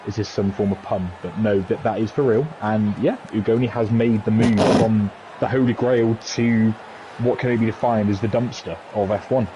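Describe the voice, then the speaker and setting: A man's voice: on the low side, fairly even intonation, moderate pace. A man hosting a racing league stream, chatting and joking as he announces the team draw. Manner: chatty, joking, rambling with fillers. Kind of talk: live stream chat commentary. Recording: dull lo-fi stream mic, faint noise.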